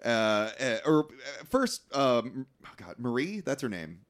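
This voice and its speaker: A man's voice: mid-range voice, sing-song, unhurried. A man casually recapping a film on a podcast, acting out lines from the movie and swearing freely. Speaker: podcast co-host.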